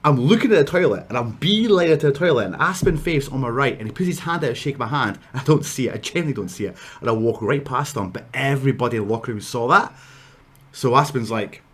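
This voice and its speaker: A man's voice: medium pitch, lively intonation, fast talker, fairly bright tone, slightly rough. A man with a Scottish accent casually telling a wrestling story, rambling with asides and restarts.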